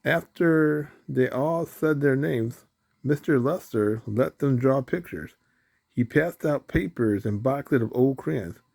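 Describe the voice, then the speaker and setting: Gravelly man reading a picture book. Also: medium pitch. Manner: slow, even storytelling. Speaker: storybook reader. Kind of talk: reading a children's book aloud.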